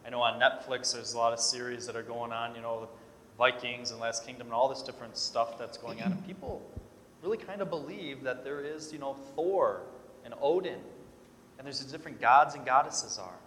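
Priest giving a chatty homily, bright voice, big echoey church with long reverb. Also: male voice, mid-range voice, a little fast, a little hiss or hum. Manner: storytelling, acts out quoted voices, conversational. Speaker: Catholic priest. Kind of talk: sermon.

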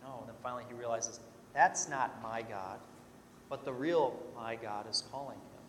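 A Catholic priest giving a conversational sermon, telling stories and acting out the voices in them. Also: male voice, medium pitch, moderate pace, a little hiss or hum. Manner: storytelling, acts out quoted voices, conversational. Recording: echoey church hall with long reverb.

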